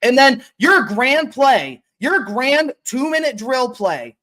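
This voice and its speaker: A woman's voice: sits high, very animated, slow, fairly bright tone. A woman co-hosting a casual sports podcast, ranting profanely and with exasperation. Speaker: podcast co-host.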